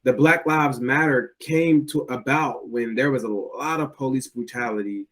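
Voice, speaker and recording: Man, casual podcast chat, lively storyteller, jumps up in pitch for quotes. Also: normal speed. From United States. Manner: animated storyteller, acts out quotes in a raised voice. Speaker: podcast co-host.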